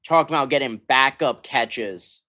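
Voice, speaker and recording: A hoarse young man ranting as a sports livestream host, stammering and sighing, swinging between muttered complaints and loud outbursts. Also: medium pitch, moderate pace. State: hoarse from yelling. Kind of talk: frustrated fan rant on a livestream.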